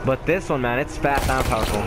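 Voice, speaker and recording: A young man giving loud, profane gameplay commentary, often swearing and laughing as he plays. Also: mid-range voice, a little fast, over loud music, poor audio. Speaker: gamer.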